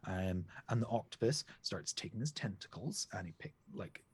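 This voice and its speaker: A man narrates a tabletop game as game master, fishing for words as he describes the scene. His voice is slightly husky and moves lively up and down. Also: sits low, moderate pace. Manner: rambling, searching descriptive narration.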